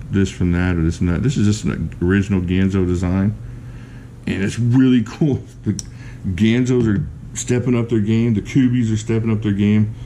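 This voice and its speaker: A man giving a casual, chatty knife review, enthusiastic and quick to laugh. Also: lowish voice, mellow, slight background noise.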